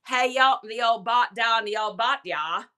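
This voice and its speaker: A jovial old country uncle talks in a thick, mumbled drawl that blurs his words together, with a light, bright edge. A woman puts him on while telling a story. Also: fairly high pitch, a little slow. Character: older rural man with thick mumbled drawl.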